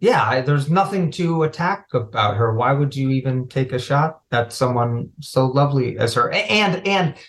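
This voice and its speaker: A man's voice: medium pitch, lively intonation, moderate pace, hardly any pauses, fairly bright tone. Earnest, playfully teasing male guest. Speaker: podcast guest. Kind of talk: casual chat recap.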